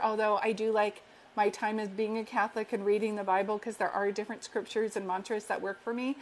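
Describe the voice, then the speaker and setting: A little hiss or hum underlies this medium-pitched woman's voice as she does a psychic reading live on stream. Tender and reassuring, she calls her listeners sweetheart and sincerely repeats affirmations.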